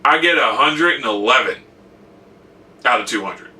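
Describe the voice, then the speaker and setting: A man's voice: mid-range voice, expressive, moderate pace, pushed and bright, far from the mic, a little hiss or hum. A young man chatting casually about his college semester, telling stories with lots of quoted asides. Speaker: college student vlogger. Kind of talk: casual vlog chat.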